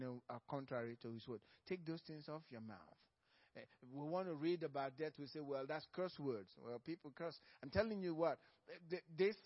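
A male pastor preaching a sermon in church. He is emphatic and repeats key phrases, moving between loud stresses and soft low asides. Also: dull audio.

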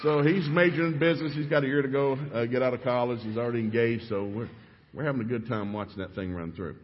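A middle-aged man from East Tennessee with a Southern accent, telling stories fast and with animation in a sermon. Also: mid-range voice, slight background noise. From East Tennessee, USA. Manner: fast-talking, animated storyteller. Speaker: preacher. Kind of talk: storytelling sermon. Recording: dull echoey church recording.

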